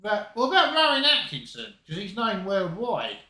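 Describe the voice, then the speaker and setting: A man on a livestream, eagerly throwing out suggestions in casual chat. His voice sits high and sounds bright. The room gives it a clear echo. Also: huge pitch swings, moderate pace. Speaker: livestream co-host.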